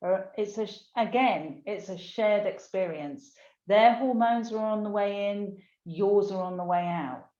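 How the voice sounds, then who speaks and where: An older woman talking in a heartfelt, emotional, unhurried way during a casual conversation. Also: mid-range voice, warm tone. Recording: echoey room, dull lo-fi sound.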